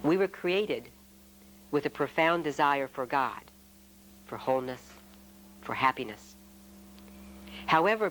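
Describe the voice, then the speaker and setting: A male friar leads a spiritual retreat talk, measured and reflective with touches of gentle humor. His voice sits at an ordinary middle pitch, with faint noise behind it. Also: poor audio.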